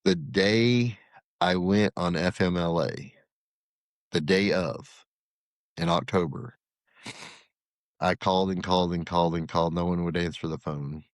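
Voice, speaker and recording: A middle-aged man, a former corrections officer telling his story as a podcast guest, animated and acting out the dialogue. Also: sits low, a little slow, pauses often, dry recording, clean studio sound. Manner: animated, acts out quoted dialogue. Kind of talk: casual storytelling.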